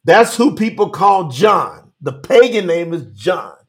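Lively high-voiced male preacher. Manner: animated, calls out to chat viewers by name; Southern-style 'y'all' address, drawn-out emphatic reading. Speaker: preacher on a live stream. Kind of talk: livestream sermon reading scripture.

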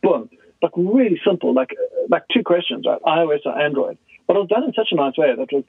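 A man as a guest expert, explaining in a casual, animated way and acting out quoted dialogue. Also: on the high side, fast talker, gravelly, no room sound. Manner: animated storyteller who acts out quoted dialogue. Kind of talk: conversational podcast explanation. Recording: tinny phone line, dry.

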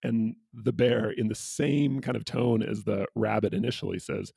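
Gravelly, husky man retelling a story. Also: on the low side, dark tone, no echo. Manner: retells the story with quick quoted voices. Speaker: co-host. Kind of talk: casual book discussion.

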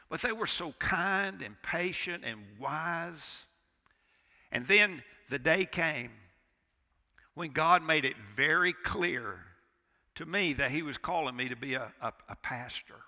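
A man in his sixties preaching with fervor from the pulpit. His voice is bright and forceful with a gravelly edge, and swings from loud to hushed. Long church reverb trails every word. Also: fairly high pitch. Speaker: pastor. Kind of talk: sermon. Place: church sanctuary.

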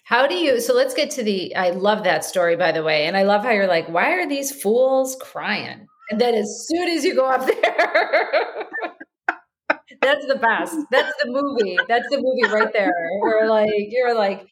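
A woman's voice: on the high side, expressive, normal speed. A woman hosting a casual podcast chat. She circles around her questions and restarts them as she goes. She fills the gaps with murmurs of agreement. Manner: rambling, restarts questions, many listening murmurs. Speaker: podcast host.

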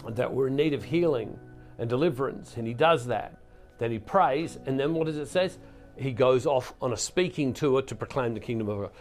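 Man, Catholic preacher, earnest scripture talk, mid-pitched voice, faint music underneath. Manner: earnest, repeats words and restarts, reads scripture aloud with more force. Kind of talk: reflective scripture teaching.

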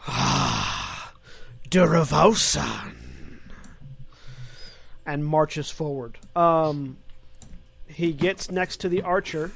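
A man serving as game master, describing combat in quick bursts that stumble and restart. His voice sits a little high for a man. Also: no echo. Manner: rapid, halting narration with restarts. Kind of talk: narrating a tabletop game.

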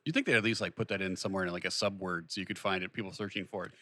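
A man co-hosting a casual chat show, firing off quick sarcastic quips. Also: deep voice, fairly even intonation, pushed and bright.

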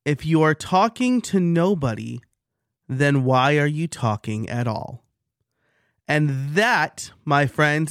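A man's voice: fairly high pitch, dry recording, clean studio sound. A man in his thirties hosting his own podcast, talking in a casual, conversational way and often restarting his sentences. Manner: conversational, self-correcting. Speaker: podcast host.

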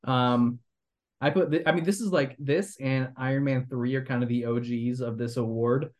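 A man's voice: mid-range voice, steady tone, normal speed, a little mellow. A young man hosting a podcast, rambling critically about a movie with lots of fillers and restarts. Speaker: podcast host. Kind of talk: casual movie review chat.

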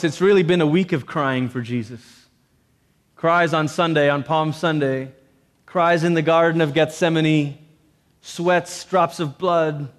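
A man preaching a sermon, animated, with joking asides and voices put on for quotes. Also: a little high. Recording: long reverb.

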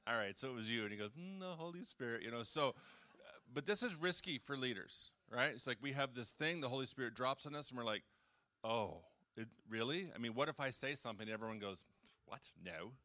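A man's voice: medium pitch, expressive, fast talker, sharp tone. A man preaching a casual, conversational sermon, joking with the congregation and acting out quotes. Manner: chatty, jokes and acts out quotes, talks with the audience. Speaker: pastor. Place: church hall.

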